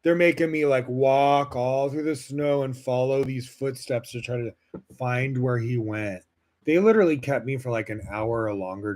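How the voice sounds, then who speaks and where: A man from Las Vegas hosting a podcast, telling a personal story in a casual, frank way with many "like" fillers. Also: mid-range voice. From Las Vegas, United States. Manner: casual, heavy use of "like" fillers, frank and animated. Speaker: podcast host.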